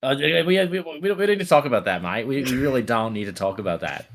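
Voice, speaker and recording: A man's voice: on the low side, expressive, moderate pace, a bit bright. Man doing a brash Aussie bloke adventurer. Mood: flustered. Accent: put-on Australian. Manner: calls everyone mate, rambling with fillers. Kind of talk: in-character tabletop game recap.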